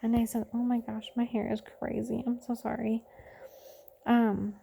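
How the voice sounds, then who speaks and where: A young woman rambles her way through a late-night vlog, tired and chatty, often breaking off and restarting her sentences. Her voice is fairly high yet mellow, with a gravelly edge. A faint hiss of noise sits under the recording. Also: flat delivery, normal speed. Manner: rambling, self-interrupting, chatty. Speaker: vlogger.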